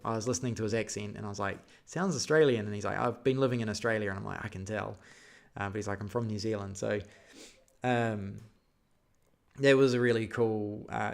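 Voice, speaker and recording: This man has a gravelly, mid-range voice. He hosts a live stream, reading out viewer questions from the chat and answering them in a loose, rambling manner packed with fillers.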